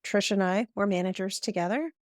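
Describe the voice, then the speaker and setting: A woman's voice: medium pitch, fairly quick, no room sound, studio quality. A woman in her fifties co-hosting a podcast, telling her background in a plain, matter-of-fact way. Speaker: podcast co-host, nurse manager. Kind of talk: casual chat.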